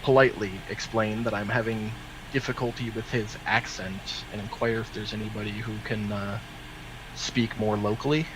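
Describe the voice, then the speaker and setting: A man's voice: lowish voice, steady tone, moderate pace, noisy background. A man playing a tabletop game, talking in a practical, organizing way. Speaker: player. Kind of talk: casual tabletop play.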